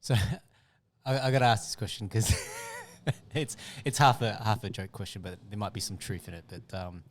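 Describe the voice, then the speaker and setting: A man hosting a podcast, asking questions in a relaxed, teasing way. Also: on the low side, moderate pace, few pauses, slight background noise. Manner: relaxed, teasing, backchannels often. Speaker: podcast host. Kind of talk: casual interview chat.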